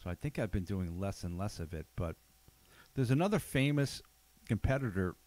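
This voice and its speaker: A man's voice: fairly low pitch, lively intonation, moderate pace, a little mellow. A middle-aged man hosting a podcast, chatting casually and telling stories with quoted asides. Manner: conversational, storytelling with quoted asides. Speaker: podcast host. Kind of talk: casual chat.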